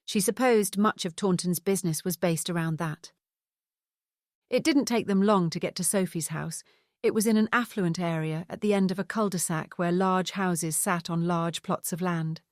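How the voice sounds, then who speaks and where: A woman narrating an audiobook in a steady, even scripted reading. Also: on the low side, moderate pace, no echo, studio quality.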